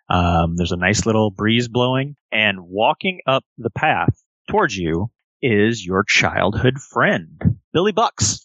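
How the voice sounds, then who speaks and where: Lively, bright-voiced game master narrating. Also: mid-range voice, takes it slowly, no echo, highs cut off. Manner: descriptive, breaks into laughs. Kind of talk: narrating a tabletop role-play game.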